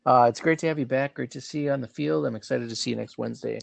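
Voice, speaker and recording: A man's voice: mid-range voice, quick pace, gravelly. A man hosting a podcast, chatting casually and thanking his guest. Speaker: podcast host. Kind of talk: casual chat.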